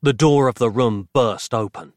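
A man reading a horror story aloud in a dramatic, measured storytelling manner. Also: mid-range voice, no room sound, studio quality. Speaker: narrator. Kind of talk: scripted horror narration.

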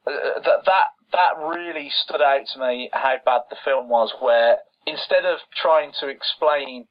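A male podcast co-host picks apart a film's plot in casual chat, sounding exasperated and sarcastic and mimicking the characters in quoted voices. He speaks at a measured pace with a medium pitch, on dull lo-fi audio.

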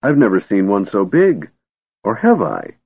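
A man's voice: fairly low pitch, huge pitch swings, measured pace, slightly rough, no echo, heavily acted. A man voicing a small, cheerful male kender in an audiobook, on a tinny narrow-band recording. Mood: awed.

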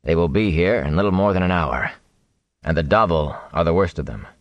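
A man's voice: deep voice, animated, a little fast, dry recording, lo-fi sound. A man reading an audiobook, voicing a grim male warrior who reports in a clipped, matter-of-fact way.

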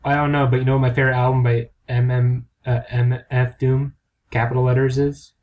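A man's voice: medium pitch, little pitch movement, brisk, a little mellow. Male podcast co-host; playful teasing, loose joking banter. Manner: riffing, teasing, mock-dramatic announcer bits. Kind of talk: casual banter.

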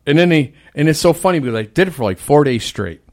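Profane, animated man telling workplace stories. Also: a little high, fast talker. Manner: profane storyteller, mimics people in shifting voices. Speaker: fast food worker. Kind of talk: casual chat.

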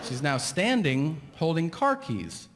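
A man's voice: a little high, wildly swooping pitch, slow, noisy background. Ranting man doing stand-up in a theater. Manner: ranting storyteller, acts out both sides of dialogues. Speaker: stand-up comedian. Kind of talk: stand-up comedy set. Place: large theater stage. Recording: live venue reverb with crowd. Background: audience laughter.

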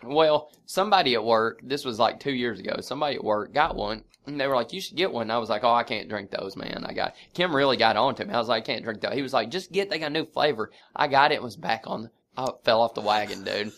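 A man's voice: mid-range voice, fast talker, hardly any pauses. A man co-hosting a podcast, telling stories in casual chat and acting out what people said. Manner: animated, acts out quotes in other voices. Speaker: podcast co-host.

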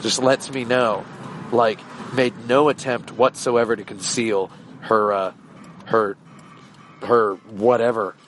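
A man's voice: mid-range voice, fairly even intonation, slow pace, soft background music. A man hosting a podcast, telling a rambling casual anecdote in a meandering way, full of fillers and restarts. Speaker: podcast host. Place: outdoors, walking around shops.

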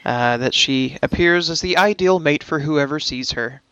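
Smooth-voiced man, casual podcast host. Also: a little high, moderate pace, bright, forceful tone, no room sound, muffled recording. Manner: hesitant, many fillers.

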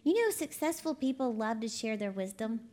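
Chatty woman preaching, high voice. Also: lively intonation, moderate pace, mellow. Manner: chatty, laughs often, folksy storytelling. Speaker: ministry CEO and preacher. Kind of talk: conversational sermon.

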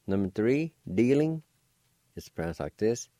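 Radio lesson host, man, deep and dark-toned, unhurried, repeats each word carefully, dry close mic. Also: sing-song, no room sound. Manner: spells letters and pronounces words slowly, repeating each. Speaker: language teacher on radio show. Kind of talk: slow radio language lesson.

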